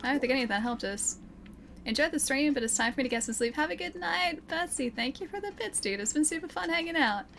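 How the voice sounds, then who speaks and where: A woman's voice: sits high, animated, fast, vocal fry. Giggly young woman streamer reading chat, game music going in the background. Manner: chatty, giggly, reads chat aloud. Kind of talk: casual gameplay commentary. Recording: game music playing behind.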